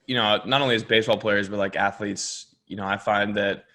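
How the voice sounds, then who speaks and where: A young man, a baseball pitcher co-hosting, talking earnestly and reflectively in casual chat. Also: fairly even intonation, brisk, bright, forceful tone. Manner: reflective, earnest, builds energy when making a point.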